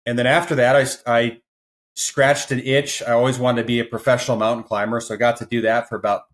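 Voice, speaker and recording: Male interview guest from the Midwest, lively storyteller who mimics the people he quotes, medium pitch. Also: quick pace. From American Midwest. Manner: animated storyteller who acts out quoted voices. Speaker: podcast guest.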